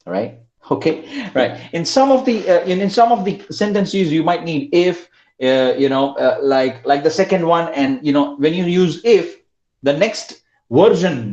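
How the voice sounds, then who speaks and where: Man teaching, lively pitch, roomy sound. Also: lo-fi sound. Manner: repeats prompts, coaxes students to answer. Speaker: English teacher. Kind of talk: online class instruction.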